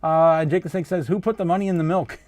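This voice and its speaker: Chatty, laughing man with a higher voice. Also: steady tone, fast, a little mellow, dry recording. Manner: chatty, laughs often, many filler "uh"s and restarts. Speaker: host of a crypto livestream. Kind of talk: casual livestream chat reading viewer comments.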